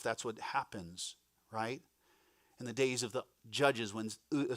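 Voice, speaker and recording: A man's voice: medium pitch, a bit bright, dry recording, clean studio sound. A male pastor giving a conversational sermon, breaking off for asides to the congregation. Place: church.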